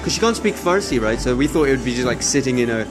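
Man, father and vlogger, low-key and jokey, casual family vlog delivery. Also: lively intonation, fast talker, over music.

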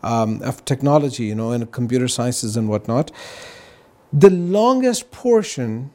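Earnest man with a mellow voice. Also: medium pitch, animated, a little slow. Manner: earnest, explanatory, peppered with "right?" and "you know". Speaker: guest on a religious talk show. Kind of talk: casual explanatory talk.

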